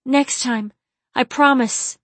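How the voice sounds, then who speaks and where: A woman voicing an eager young woman lover, speaking in a high, breathless, gasping voice. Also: steady tone, slow, a bit bright, dry recording, heavily acted. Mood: breathless, ecstatic.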